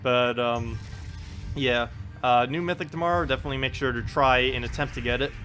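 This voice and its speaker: A man's voice: medium pitch, steady tone, a little fast, a bit bright, soft background music. A man live-streaming a game in casual chat, reading out viewers' messages and laughing often as he talks. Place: home in South Carolina.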